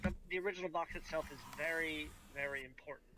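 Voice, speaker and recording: A man's voice: on the high side, steady tone, fast talker, background noise. A man playing a tabletop game who asks polite, questioning things in character. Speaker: player. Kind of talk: tabletop role-play.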